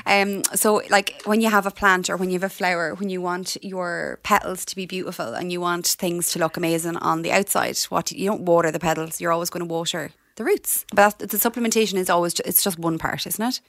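A woman's voice: on the low side, fairly even intonation, a bit bright, dry recording, clean studio sound. A woman skincare professional in casual conversation, chatty with lots of "like" fillers. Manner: chatty, fillers like "like", quick storytelling. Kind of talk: casual podcast chat.

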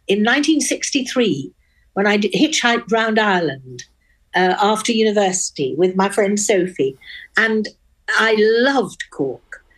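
An older Englishwoman with a posh Oxford accent, a guest in a radio interview, speaking frankly and wittily with crisp diction. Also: mid-range voice. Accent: upper-class English (Oxford). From England.

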